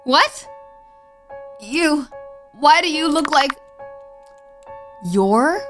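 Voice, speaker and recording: A woman's voice: sits high, animated, drawn-out words, pauses often, fairly bright tone, soft background music. A woman streaming a horror game, gasping and talking anxiously to herself as she plays. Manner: jumpy, gasping, anxious self-talk. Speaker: gaming streamer. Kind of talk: horror game let's play commentary.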